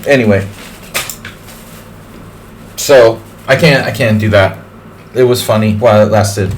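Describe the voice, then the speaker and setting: A man's voice: fairly low pitch, unhurried, noisy background. A man streaming live, giving casual, chatty chess commentary. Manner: chatty, rambling.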